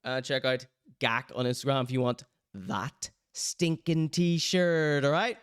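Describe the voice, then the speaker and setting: Male host, mid pitch, smooth voice, self-mocking asides. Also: steady tone, takes it slowly, no echo, studio quality. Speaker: show host. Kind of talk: casual merch plug on his own online show.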